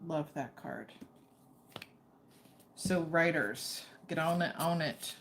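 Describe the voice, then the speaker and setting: A woman's voice: low voice, slow pace, slight background noise. A woman giving a casual, chatty tarot reading, often breaking off to coax her dog over. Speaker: tarot reader.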